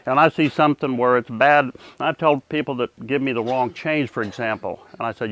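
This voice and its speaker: Older man, halting earnest testimony. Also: fairly even intonation. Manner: halting, repeats words while searching for them; earnest, softens and drops low at serious moments. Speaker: war veteran recounting a near-death experience. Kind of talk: personal testimony.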